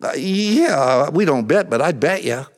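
A man preaching a sermon in a conversational way, acting out the voices he quotes and swinging from soft to loud. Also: a little high, animated, measured pace. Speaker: pastor. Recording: long hall reverb.

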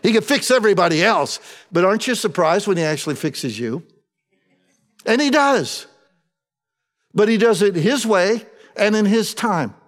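High-voiced man preaching in a reverberant hall. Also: big pitch swings, a little slow, long pauses. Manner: chatty, asks the congregation rhetorical questions, wry humor. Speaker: pastor. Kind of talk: conversational sermon.

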